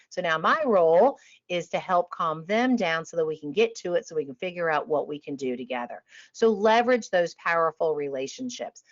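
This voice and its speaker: A woman giving a passionate, emphatic talk to travel advisors, sometimes dropping to a calm, quiet voice. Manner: energetic and emphatic, drops to a calm low voice to demonstrate. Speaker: industry trainer on a webinar panel. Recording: dull lo-fi online audio.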